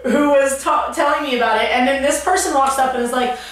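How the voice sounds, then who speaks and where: A woman co-hosting a casual group chat show, animated and quick to laugh. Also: sits high. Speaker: podcast co-host. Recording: echoey room, far from mic.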